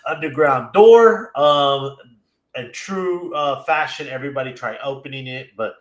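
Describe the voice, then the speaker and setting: A man with a mid-range voice casually recaps an anime episode, speaking a little slowly in a reverberant space. He retells scenes with laughter and little acted-out quotes, keeping it chatty.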